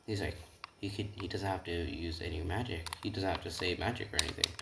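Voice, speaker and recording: A young man makes up a story as he goes, rambling, with frequent tag questions and self-corrections. His voice sits on the lower side and sounds distant in an echoey room. Keyboard typing clicks clearly behind him. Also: quick pace, heavy background noise. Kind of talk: improvised fan-fiction retelling.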